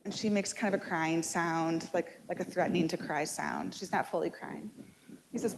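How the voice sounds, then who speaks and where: A woman's voice: lowish voice, moderate pace, vocal fry. A woman giving a public lecture, casual and self-deprecating, with many fillers and restarts. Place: lecture hall. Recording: reverberant hall, audible background noise.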